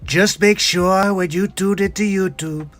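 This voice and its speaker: A man doing a comedic impression of a boastful older tycoon politician, bragging in a low, repetitive drawl. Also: fairly even intonation, measured pace, fairly bright tone, faint music behind.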